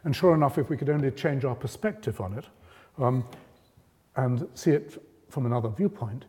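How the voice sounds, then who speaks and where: A man delivers a public lecture in a measured, explanatory manner, pushing up his voice when he stresses a point. His voice is warm and mellow. The sound carries the long reverb of a lecture hall. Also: medium pitch, lively intonation. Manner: measured, explanatory, rising emphasis on key points.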